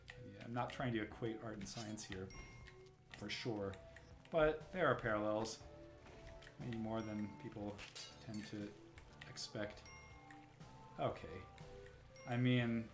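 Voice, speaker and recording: A man's voice: mid-range voice, a bit bright. A man streaming a platform game live, rambling and musing aloud, often breaking off mid-sentence and asking "right?". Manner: rambling, self-interrupting, says "right?" often. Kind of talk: casual live-stream commentary. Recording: roomy echo, faint music.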